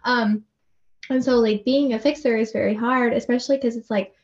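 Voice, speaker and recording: A chatty woman co-hosts a casual podcast, her voice sitting a little high. She laughs easily and fills her talk with fillers. The audio is a touch dull and muffled. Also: fairly even intonation, normal speed. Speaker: podcast co-host, mother, military spouse. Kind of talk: casual chat.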